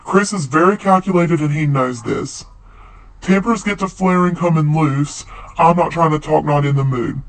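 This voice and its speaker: A man hosting a commentary channel, reading scripted narration in a measured, analytical way. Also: a little high, low-quality recording.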